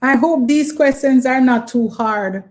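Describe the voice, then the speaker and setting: A woman's voice: high-pitched, a little slow, darkish tone. A woman hosting a live online trivia quiz, patiently repeating her questions and prompting viewers. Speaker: quiz host.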